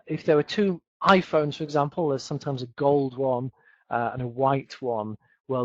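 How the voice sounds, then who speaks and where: A British man teaching English in an online webinar, relaxed and chatty, with many ums and uhs. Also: medium pitch, no echo, highs cut off. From United Kingdom. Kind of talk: webinar lesson.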